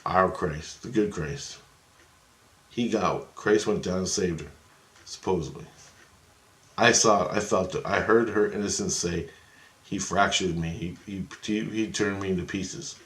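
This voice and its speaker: A man's voice: low voice, measured pace, fairly bright tone, reverberant. A man telling a rambling first-person story with lots of swearing, agitated and jumping into the voices of people in his tale. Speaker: vlogger recounting astral travel.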